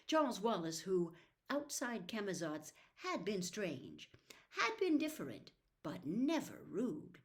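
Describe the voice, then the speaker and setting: A woman narrating a novel aloud in an expressive storytelling manner. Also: mid-range voice, slow. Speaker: reader. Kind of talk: audiobook narration.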